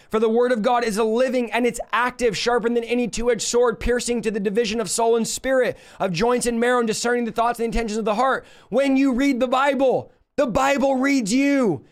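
Young male preacher, high voice, fast fervent conversational sermon with call-outs. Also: clear, resonant tone. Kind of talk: livestream sermon.

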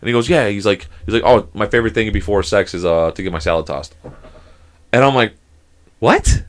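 A man's voice: on the low side, quick pace. A young man co-hosting a casual podcast, telling rambling stories full of swearing and impressions of his friends. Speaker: podcast co-host. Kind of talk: casual chat, storytelling.

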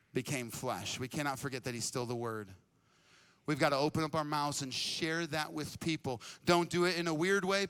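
A young adult man preaching a sermon as a pastor, telling a story in a casual, energetic way and often repeating words. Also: medium pitch, smooth. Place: church stage.

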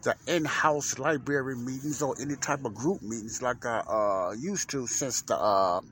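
A man's voice: mid-range voice, moderate pace, a bit bright, a little hiss or hum. A man hosting a casual podcast monologue as a minister, rambling and repeating himself, with religious asides, speaking from inside a parked truck at work. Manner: rambling and repetitive, with many fillers and restarts; folksy and religious, often saying "Lord's willing".

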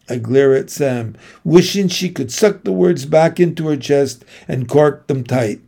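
Slow, gravelly male audiobook narrator. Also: a little high, warm tone. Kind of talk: first-person audiobook narration.

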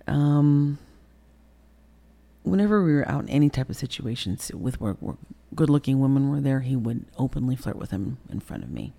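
Woman, 60s, gravelly, mellow tone, candid storyteller, whispers quoted lines. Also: a bass voice, very animated, normal speed. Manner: reenacts conversations, dropping into whispers. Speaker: interview guest. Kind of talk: candid storytelling in a podcast interview.

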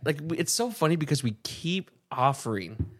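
A man's voice: on the high side, sing-song, normal speed. A young man co-hosting a podcast in casual chat, loose and laughing, swearing often. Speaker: podcast co-host.

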